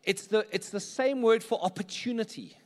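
A man's voice: sits high, moderate pace, in a large hall. A man preaching a sermon in church, conversational and often checking in with the congregation. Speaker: pastor.

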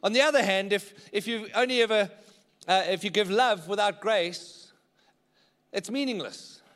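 High-voiced pastor preaching. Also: male voice, moderate pace, a bit bright, long reverb tail. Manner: conversational, checks in with the congregation. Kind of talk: sermon. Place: church.

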